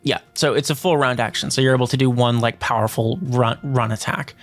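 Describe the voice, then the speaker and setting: A man narrating as game master in a tabletop game, relaxed and hesitant, with many fillers as he works out the rules. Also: medium pitch, a little fast, soft background music. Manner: relaxed, hesitant, lots of fillers while ruling.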